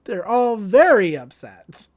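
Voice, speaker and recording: Animated woman podcaster recapping. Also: mid-range voice, slow pace. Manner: animated retelling that acts out characters' lines, laughs often. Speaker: podcast co-host. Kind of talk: casual recap of an anime episode.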